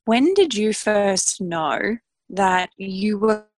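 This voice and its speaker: A woman's voice: medium pitch, expressive, extremely slow, no echo. A woman hosting a podcast interview, gushing and lavish with praise for her guest. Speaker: podcast host.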